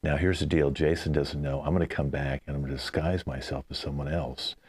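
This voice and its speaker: A man hosting a live improvised comedy show over a video call, brisk and chatty. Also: extremely low pitch, fairly even intonation, darkish tone, husky, no echo. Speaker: game show host.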